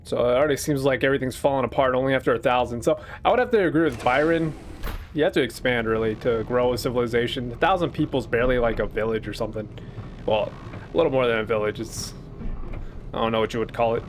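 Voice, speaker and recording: A man's voice: mid-range voice, fast talker, a little hiss or hum. Casual man musing over a game. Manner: casual, musing, laughs at himself. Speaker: gaming YouTuber. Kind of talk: let's play commentary.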